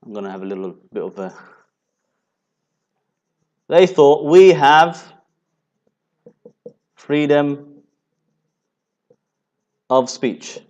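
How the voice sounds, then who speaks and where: Animated high-voiced male preacher. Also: very slow, pauses often. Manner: animated, acts out quoted voices with swings in pitch and loudness. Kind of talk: sermon.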